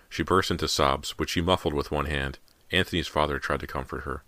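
Very deep-voiced male audiobook narrator. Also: a little fast, no room sound. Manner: steady storytelling read. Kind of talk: scripted narration.

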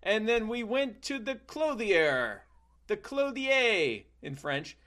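A young man improvising a rambling comic story, full of halting restarts and playful asides. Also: high voice, very animated, sharp tone.

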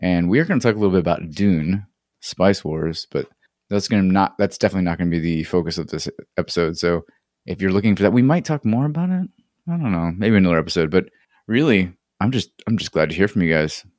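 A man hosting a relaxed podcast chat, easygoing and often repeating his first words. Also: deep voice, fast talker, no room sound, studio quality. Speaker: podcast host.

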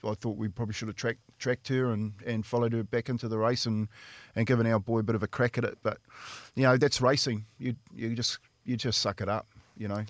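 A man's voice: medium pitch, fairly even intonation, brisk, dry recording. A man with a New Zealand accent, co-hosting a radio show and running a phone quiz in a laid-back, matey way with lots of fillers. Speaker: radio co-host and quizmaster. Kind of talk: casual radio chat.

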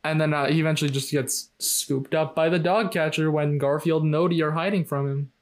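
A man's voice: fairly high pitch, fairly even intonation, brisk. A man co-hosting a podcast in casual chat, retelling a story with rambling restarts. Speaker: podcast co-host.

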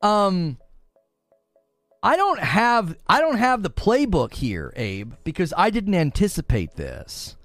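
A man hosting a gaming livestream, with a lively, rising and falling delivery that sits a bit high. He talks through examples and acts out little imagined quotes. The sound is dry and close, with faint music underneath. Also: slow pace, no room sound. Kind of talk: casual livestream commentary.

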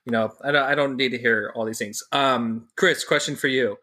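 A man co-hosting a podcast, asking questions in a casual, halting way. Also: medium pitch, steady tone, pushed and bright. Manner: casual, halting, repeats words. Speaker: podcast co-host. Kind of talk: casual chat.

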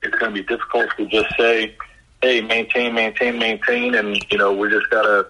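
A man answering press questions as a basketball coach, halting and measured, with lots of fillers. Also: lowish voice, level tone, sharp tone, breathy edge, poor audio. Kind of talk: press conference call answers.

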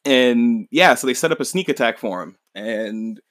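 A man's voice: medium pitch, lively intonation, moderate pace, fairly bright tone, dry recording. A man hosting a podcast, casually recapping a manga in a rambling, laid-back way, swearing and laughing along. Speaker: podcast host.

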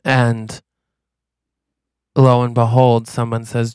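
A man co-hosting a comedy podcast, pitching a silly movie plot with playful storytelling and quick acted lines. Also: fairly even intonation, creaky, a little mellow, dry recording. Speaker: podcast co-host.

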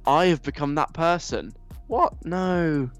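A man's voice: fairly high pitch, slow pace, faint music behind. A young man, reading out listener messages and answering them in a teasing, mock-stern, casual way. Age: young adult. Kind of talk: casual chat.

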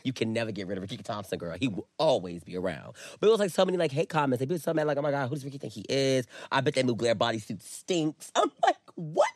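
A man in his twenties co-hosting a podcast, talking in an animated, dramatic, slangy way with frequent laughter. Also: mid-range voice, quick pace, hardly any pauses, no echo, clean studio sound. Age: 20s. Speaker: podcast co-host. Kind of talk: casual chat.

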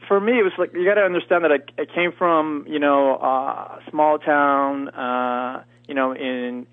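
This guest actor, a native French speaker from near Montreal, Canada, has a fairly high, steady voice and an unhurried pace. He chats casually in an interview with lots of fillers and restarts, and the tinny phone line sounds dry, without room sound.

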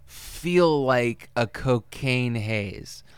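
Smooth-voiced man with wry sarcasm. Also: mid-range voice, expressive, very slow, dry recording. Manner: wry, crude, sarcastic jokes. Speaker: podcast co-host. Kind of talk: casual movie review chat.

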